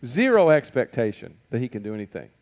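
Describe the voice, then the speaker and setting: Mellow-voiced man teaching Bible class. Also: mid-range voice, sing-song, quick pace. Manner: conversational, full of rhetorical questions and fillers. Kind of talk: casual Bible teaching to a group.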